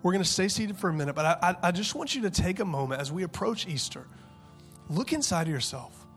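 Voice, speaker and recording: A male pastor in his thirties delivers a heartfelt sermon. His voice sits a little high and swings from quiet, intimate moments to loud, urgent peaks. Faint music plays beneath him. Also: lively intonation, quick pace. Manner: passionate preaching, swings from hushed to loud.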